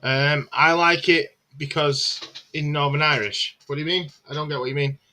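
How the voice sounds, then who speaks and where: A man hosts a live match watchalong stream, calling the play and answering viewer comments in a casual chat full of filler words. His voice is fairly high and steady, with a sharp tone and a moderate pace.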